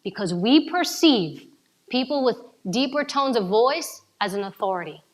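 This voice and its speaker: A woman from New giving an energetic coaching talk to a live audience, asking them questions. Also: on the high side, moderate pace. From New York City. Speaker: speaker at a summit.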